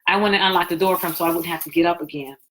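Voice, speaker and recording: A woman hosting a live stream, telling her personal story in a chatty, animated way and acting out what people said. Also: fairly low pitch, racing, background noise. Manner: chatty, animated, acts out quoted talk.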